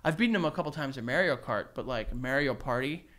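A fast-talking podcast co-host with a mid-range voice chats casually, spinning animated stories. He acts out quotes and laughs often.

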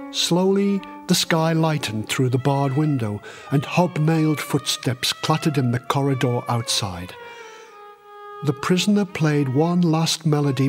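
A man reading his own book aloud as a dramatic audiobook narrator. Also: on the high side. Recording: long reverb.

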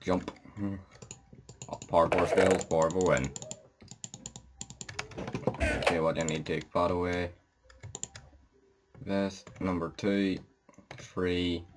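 A young man just out of bed talks through his game in an extremely deep, groggy voice. He rambles and swears when something startles him. Steady background hiss and keyboard clicking fill his home microphone recording. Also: slow, pauses often. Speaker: gameplay commentator. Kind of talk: casual gameplay commentary.

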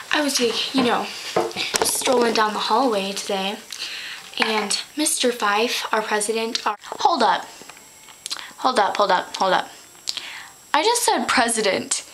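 A woman's voice: fairly high pitch, expressive, slow pace, pauses often, noisy background. A teenage girl vlogging casually to her webcam, chatty and giggly, often stopping to correct her own slips. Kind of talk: casual chat to camera.

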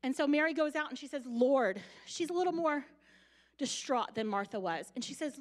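A woman's voice: sits high, expressive, moderate pace. A woman pastor preaching a sermon, telling the story conversationally and acting out quoted lines. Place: church sanctuary.

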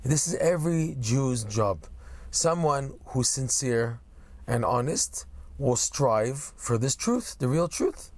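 A man teaching a religious lesson, explaining ideas step by step and checking in with "right?" and "okay?". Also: medium pitch. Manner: explanatory, stretches key words slowly, asks "okay?" and "right?". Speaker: rabbi teaching Torah lesson.

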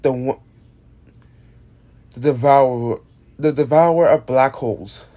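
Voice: medium pitch, a little slow, warm tone. Tired, foul-mouthed creator rambling through a casual monster-character explainer. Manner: rambling, restarts often, swears casually. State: tired, yawning. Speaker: video creator presenting an original monster character.

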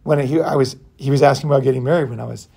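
A man's voice: mid-range voice, steady tone, very fast, creaky, warm tone, breathy edge. A middle-aged man telling stories in a rambling casual monologue, full of fillers and swearing. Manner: rambling storytelling with frequent profanity and fillers. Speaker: podcast host.

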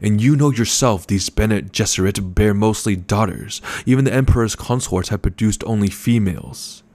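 A man's voice: lowish voice, moderate pace, darkish tone, lightly acted. A man voicing a proud, venomous male advisor who talks in a tense, biting, defensive way.

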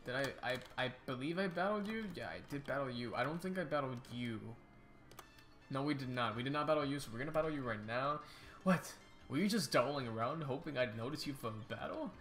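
A young man talking through a video game in a casual, excitable let's-play. He rambles and restarts his sentences, at a middling pitch. Faint game music runs underneath. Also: a little fast. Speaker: YouTube gaming host.

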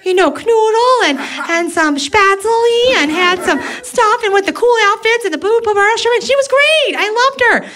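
A woman voicing a gushing, cheerful Minnesotan woman with a Minnesotan accent, in a high, sing-song voice. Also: expressive, moderate pace, few pauses, fairly bright tone. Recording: live audience laughing around.

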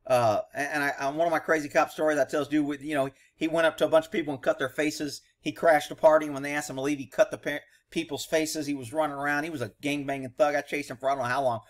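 A former police officer talks over footage, blunt and profane, mixing commentary with his own war stories. His voice sits a little high for a man. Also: steady tone, fast, hardly any pauses. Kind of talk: casual video commentary.

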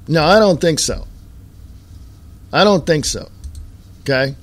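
A man with a slightly raised pitch talks straight into a home podcast mic. He speaks as a talk-radio host in a running monologue, pressing each point with slow, heavy emphasis and repeats. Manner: emphatic, repetitive, slowed stress on key words.

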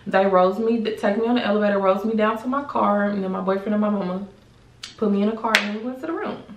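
A woman's voice: medium pitch, steady tone, fast, distant mic, highs cut off, noisy background. A young woman telling a story in a casual vlog, candid and profane, saying "like" constantly. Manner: candid and profane, heavy filler "like". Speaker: vlogger. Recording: roomy echo, voice set back from the mic.

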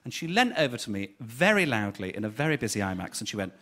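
A man's voice: fairly low pitch, very animated, fast, sharp tone. A male stand-up comedian teasing the crowd on stage through a handheld mic, cheeky, swinging between shrieks and mutters. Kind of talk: live stand-up with crowd work. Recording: noisy live club recording.

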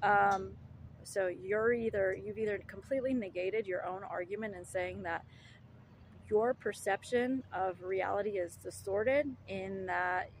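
A woman's voice: mid-range voice, a little slow, a little hiss or hum, rough recording. A woman delivering an indignant, argumentative monologue, full of rhetorical questions, fillers and restarts. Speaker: vlogger.

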